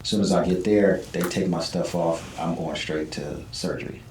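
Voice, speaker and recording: Deep-voiced man telling a story, echoey room. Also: normal speed, a little hiss or hum. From Southern California. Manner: animated storytelling, acts out quoted voices. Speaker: guest. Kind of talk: casual storytelling in an interview. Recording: echoey room, mic at a distance.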